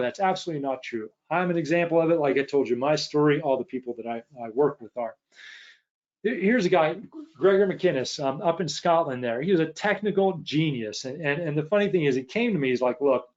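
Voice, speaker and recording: A man's voice: a little high, dull audio. Emphatic man coaching on a webinar. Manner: emphatic, frustrated, repeats words and restarts. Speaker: leadership coach. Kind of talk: webinar presentation.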